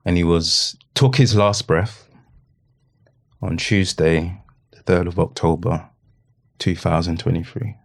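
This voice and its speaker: A middle-aged man telling a personal story in an earnest, halting way, often repeating himself. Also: sits low, steady tone, gravelly. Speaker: podcast guest.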